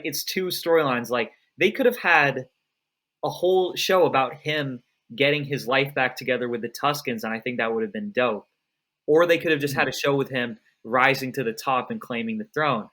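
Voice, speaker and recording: A man's voice: medium pitch, sharp tone. A man co-hosting a TV recap podcast in casual chat, ranting animatedly and swearing a lot. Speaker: podcast co-host.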